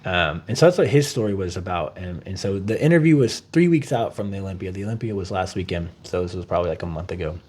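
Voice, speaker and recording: A man co-hosting a podcast, chatting casually, swearing freely and acting out quotes in an animated way. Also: deep voice, fast talker, few pauses, breathy edge. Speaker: podcast co-host.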